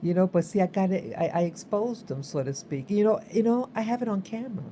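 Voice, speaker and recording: A woman's voice: mid-range voice, expressive, a little fast, warm tone, slight background noise. A woman vlogger telling a story in a casual, rambling way, repeating herself for emphasis.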